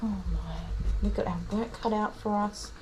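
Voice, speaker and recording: A woman's voice: medium pitch, normal speed, darkish tone, a little hiss or hum. A woman dog groomer chatting on a live stream from her grooming salon, cooing over a tiny dog and sometimes dropping to a whisper.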